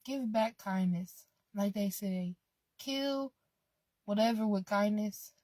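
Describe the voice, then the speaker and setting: A woman's voice: medium pitch, takes it slowly, a little mellow, no room sound. A woman vlogging in a casual, rambling way, laid-back, swearing freely and drifting off on tangents. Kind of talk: casual rambling vlog talk.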